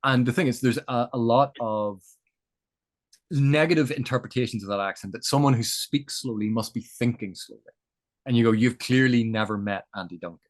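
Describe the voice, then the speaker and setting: A man in conversation, unfolding ideas patiently, like a lecturer who has thought it through. His voice sits at an everyday middle pitch for a man. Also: moderate pace. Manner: thoughtful, lecturing, builds points with examples. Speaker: guest. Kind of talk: explanatory interview chat.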